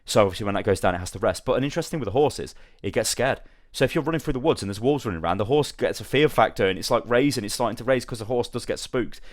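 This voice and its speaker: A man hosting a casual podcast, telling a rambling, animated story and swearing freely. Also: medium pitch, rapid-fire, few pauses. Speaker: podcast host. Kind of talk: casual chat.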